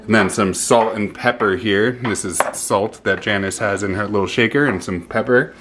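A man's voice: lowish voice, moderate pace. A man explaining a home cooking recipe step by step in an easygoing, casual way, in a home kitchen. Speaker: home cook co-host. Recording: home kitchen with pan and dish noise.

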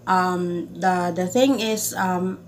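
A woman with a Filipino accent talking in a casual unboxing vlog indoors at home. She is excitable, breaks into loud exclamations and halts often with fillers. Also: lowish voice, a little hiss or hum. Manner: halting, many fillers. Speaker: vlogger.

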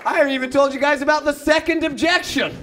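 High-voiced stand-up comic man. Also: fast talker, over a noisy crowd, heavy background noise. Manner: animated, acts out voices. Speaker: stand-up comedian. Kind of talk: stand-up set. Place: comedy club, half full. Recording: live club with audience laughter.

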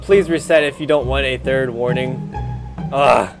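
A young man giving excitable, jokey commentary while playing a video game, often yelling at other players. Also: medium pitch, measured pace. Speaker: gaming video creator. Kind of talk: casual gameplay commentary. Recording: loud music behind the voice.

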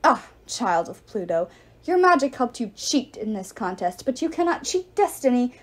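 A proud goddess of victory spits curses and threats in a high, swooping voice, as a woman reading a book puts her on. The delivery is haughty and loud, rising sharply on her warnings. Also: very animated, moderate pace. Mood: furious, haughty.

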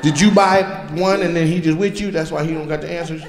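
A man doing stand-up crowd work, teasing audience members with animated banter on a theater stage. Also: on the high side, fast. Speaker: stand-up comedian. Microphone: handheld stage mic. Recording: echoey live theater with noise. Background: audience laughter.

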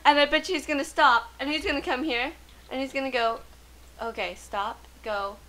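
A woman giving chatty, excitable commentary while playing a life-simulation game. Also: high voice, moderate pace, poor audio. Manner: chatty, excitable, gasps and laughs often. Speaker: let's play gamer. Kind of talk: casual gameplay commentary.

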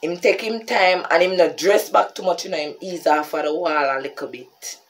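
A woman's voice: lowish voice, normal speed. A woman with a Jamaican accent telling a story on her vlog, talking to her viewers and calling them "people". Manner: animated, keeps addressing viewers as "people". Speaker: vlogger.

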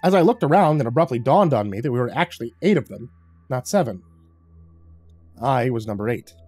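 A man narrating a horror story in a dramatic, expressive way. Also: medium pitch, brisk, breathy edge, soft background music.

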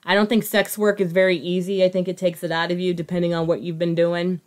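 A woman's voice: on the low side, quick pace. A woman co-hosting a casual true crime podcast, telling the story with acted-out quotes. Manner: animated storyteller, acts out quotes. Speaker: podcast co-host.

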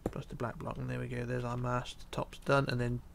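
A tired man narrating a building tutorial, counting quietly under his breath as he works. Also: mid-range voice, brisk, gravelly, noisy background. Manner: relaxed, counting blocks under his breath, drops to near whisper. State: tired, yawning. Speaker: tutorial host. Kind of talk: casual game tutorial narration.

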